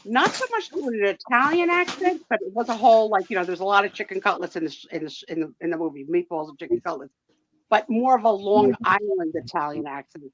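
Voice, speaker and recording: A woman hosts a live sale and chat, telling stories in a chatty, casual way and laughing often. Her mid-range voice is lively in intonation and she talks fast. The sound is dull, dry and lo-fi.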